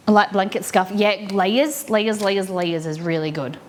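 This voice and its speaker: A woman's voice: mid-range voice, measured pace, a little hiss or hum. A woman streamer chatting casually with her viewers while she makes food in her kitchen. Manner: chatty, answers chat while rolling food. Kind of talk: casual cooking livestream chat.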